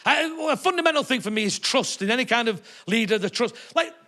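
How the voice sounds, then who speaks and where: A man's voice: extremely high pitch, expressive, brisk, bright, forceful tone. A male stand-up comedian, swearing and mocking in a live comedy set in a theatre. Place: theatre stage before a live audience.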